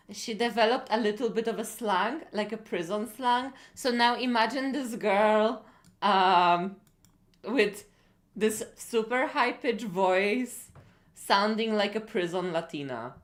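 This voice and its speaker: A woman co-host adds comments in casual chat. She talks slowly and hesitantly, trailing off with fillers as she gathers her thoughts. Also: mid-range voice. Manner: unhurried and hesitant, with many fillers. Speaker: podcast co-host.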